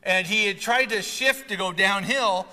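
Male pastor, high bright voice, casual preaching style, long hall echo. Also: measured pace. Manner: conversational, checks in with "right?" often. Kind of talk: sermon.

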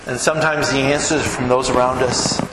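A man's voice: mid-range voice, fairly even intonation, brisk. A male pastor preaching a sermon, telling stories and acting out the quotes, in a church sanctuary. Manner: storytelling with acted-out quotes. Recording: echoey hall with ambient noise.

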